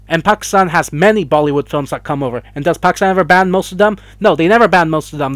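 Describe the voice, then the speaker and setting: Fired-up young man ranting, high voice. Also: no room sound. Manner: emotional, swearing, rambling. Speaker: vlogger. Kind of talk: heated opinion rant to camera.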